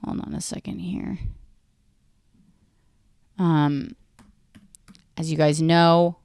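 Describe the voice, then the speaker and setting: Casual American podcast host in her thirties, crisp voice, bone-dry sound, rambling and self-mocking with frequent profanity. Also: low voice, steady tone, extremely slow, darkish tone, dry recording. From United States. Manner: talks to her dog mid-show. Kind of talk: casual solo monologue.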